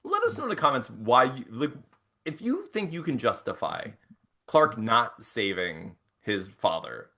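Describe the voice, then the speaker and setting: Lively, bright-voiced man telling stories. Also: mid-range voice, a little slow, vocal fry. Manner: animated storyteller, laughs often, acts out quotes. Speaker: podcast co-host. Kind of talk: casual chat.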